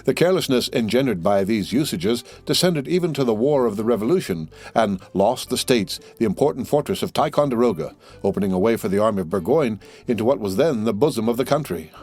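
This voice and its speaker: A man narrates a classic adventure novel in a steady, measured reading. His voice sits at a middling pitch for a man. Soft music plays faintly in the background. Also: breathy edge. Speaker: audiobook narrator. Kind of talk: scripted narration.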